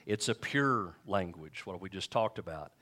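A middle-aged male pastor preaching a sermon and telling stories, acting out quotes with shifting pitch and volume. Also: animated, normal speed, fairly bright tone.

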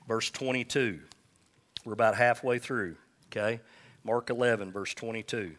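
Bright-voiced man preaching a folksy sermon. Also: mid-range voice. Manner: folksy, joking asides, scripture read slowly. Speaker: pastor. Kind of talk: conversational sermon with call-and-response.

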